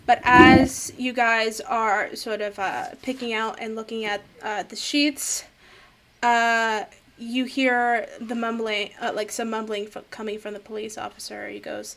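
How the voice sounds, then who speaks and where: A woman's voice: on the high side, little pitch movement, measured pace, creaky, fairly bright tone. A woman narrating as game master for a tabletop game, rambling with lots of fillers. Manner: rambling, many fillers, laughs easily.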